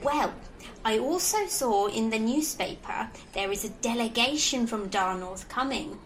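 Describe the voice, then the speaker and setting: A man doing a high, chatty old centaur shopkeeper lady. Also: animated, a little slow, fairly bright tone, slight background noise, exaggerated voice, rough recording. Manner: gossipy, salesy. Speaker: game master.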